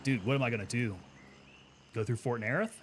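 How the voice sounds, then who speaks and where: A gaming streamer and Army veteran with a mid-range, husky voice talks fairly quickly while playing a military shooter live. He thinks aloud in casual commentary and answers viewers' questions as he goes.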